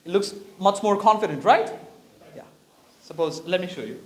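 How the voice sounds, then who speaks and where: A man's voice: sits high, expressive, fairly quick, pauses often, a little hiss or hum. A male English teacher with a Bangladeshi accent giving a classroom lesson on presentation skills, encouraging and repetitive, demonstrating poses as he talks.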